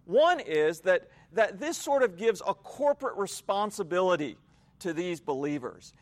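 A man preaching an evening sermon, explaining a passage in a measured, teacherly way. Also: high-pitched, animated, dry recording. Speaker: pastor. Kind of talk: expository sermon.

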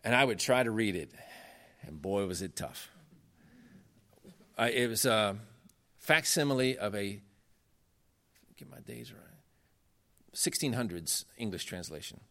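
A man's voice: lively intonation, unhurried, long pauses, a bit bright. A man giving a lecture on church history, earnest and emphatic, talking in a conversational way and pushing his voice up to stress points. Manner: earnest, emphatic, rising in pitch when making points; conversational with frequent fillers.

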